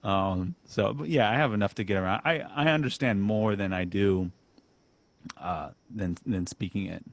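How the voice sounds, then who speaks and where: A man hosting a casual podcast chat, relaxed and self-deprecating, laughing often and restarting his sentences. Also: lowish voice, normal speed, dry recording. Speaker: podcast host.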